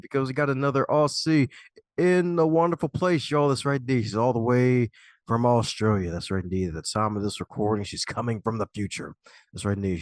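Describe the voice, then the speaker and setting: A man's voice: mid-range voice, dry recording, studio quality. A man hosting a podcast, introducing his guest with playful, hype-man patter and repeated catchphrases. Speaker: podcast host.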